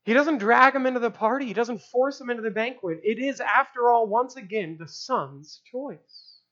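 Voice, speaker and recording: A man preaching a sermon to a live congregation, conversational, often asking "right?" and dropping to a hushed voice for emphasis. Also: extremely high pitch, moderate pace. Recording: dull lo-fi sound.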